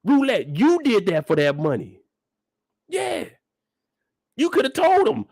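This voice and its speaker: Animated high-pitched man ranting. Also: a little slow, gravelly, pauses often, dry recording. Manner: loud, animated, profane ranting with big pitch swings. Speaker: channel host reacting to a TV episode. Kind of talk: casual reaction commentary.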